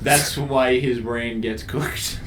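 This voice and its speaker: A man's voice: medium pitch, fairly even intonation, slow, a bit bright, recorded from a distance, a little hiss or hum. A young man co-hosting a podcast, dropping dry one-liners in casual chat. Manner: dry short quips. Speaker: podcast co-host.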